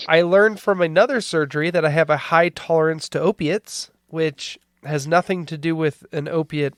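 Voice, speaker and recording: A podcast host telling a story in a casual, animated way, acting out what people said. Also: medium pitch, dry recording, studio quality. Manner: animated storyteller, acts out quotes.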